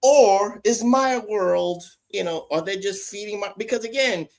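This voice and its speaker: A man co-hosting a casual wrestling podcast, animated and fond of calling himself by a title in the third person. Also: high-pitched, measured pace, gravelly. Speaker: podcast co-host.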